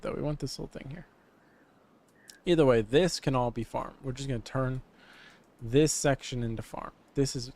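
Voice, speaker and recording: A man's voice: medium pitch, a little mellow. Goofy rambling man narrating gameplay. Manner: goofy, rambling, playfully grandiose self-talk. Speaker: gaming channel host. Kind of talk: casual let's-play commentary. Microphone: studio desk microphone.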